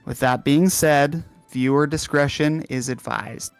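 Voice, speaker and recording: Smooth-voiced man narrating as game master. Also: fairly high pitch, dry recording, faint music behind. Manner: measured storytelling with occasional fillers.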